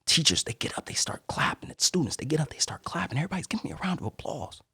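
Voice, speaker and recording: A young man from Detroit, a Marine and motivational speaker, telling his story as a podcast guest in a lively, acted-out way. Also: on the high side, very fast, breathy edge, no echo, whispered. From Detroit, Michigan. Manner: animated storyteller who acts out quoted voices.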